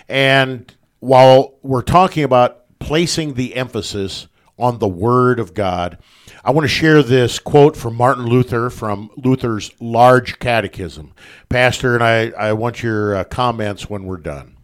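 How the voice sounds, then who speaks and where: A man hosts a talk show in an earnest, measured way. His voice sits at an ordinary pitch and he reads long passages aloud before turning to his guest with questions. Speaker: host. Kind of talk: radio talk show discussion.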